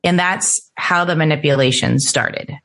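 A woman's voice: deep voice, unhurried, creaky, fairly bright tone. A middle-aged woman, an interview guest, telling her personal story earnestly and lifting her voice when she quotes people.

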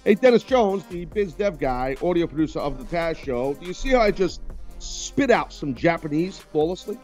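A man's voice: a little high, lively intonation, moderate pace, a little mellow, faint music behind. A man hosting a radio talk show, chatting loosely and teasing his co-hosts. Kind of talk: casual on-air banter.

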